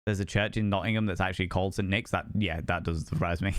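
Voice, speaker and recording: A man's voice: sits low, fairly even intonation, fast talker, dry recording, clean studio sound. A young man chatting live with his stream viewers in a playful, theatrical way, swinging between musing and flamboyant greetings. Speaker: streamer host. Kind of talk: casual live-stream chat.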